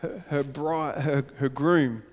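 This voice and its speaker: A man preaching a sermon earnestly, repeating phrases and building to excited emphasis. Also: on the high side, takes it slowly, in a large hall.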